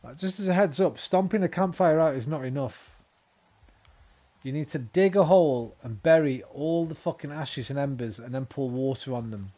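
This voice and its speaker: A young man talks his way through a video game in casual commentary. His voice sits a little higher than most men's, and he swears freely as he chats back at the game. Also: moderate pace, mellow. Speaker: game streamer. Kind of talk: casual let's-play commentary.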